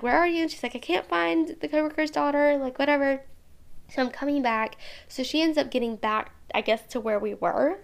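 A woman's voice: on the high side, gravelly. A young woman hosting a podcast, telling a personal story in a chatty way, with many fillers and frequent laughter. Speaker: podcast host. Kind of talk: casual storytelling monologue.

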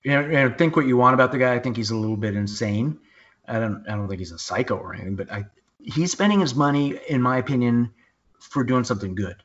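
A man hosting a podcast in casual chat, blunt and quick to swear, often restarting his sentences. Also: medium pitch. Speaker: podcast host. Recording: dull lo-fi podcast audio.

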